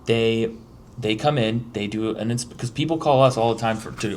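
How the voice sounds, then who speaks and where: A man with a fairly low voice talks as a podcast host, pressing his points with many restarts. A faint hiss of noise runs underneath. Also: fairly quick. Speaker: podcast host, mold remediator. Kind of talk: casual podcast conversation.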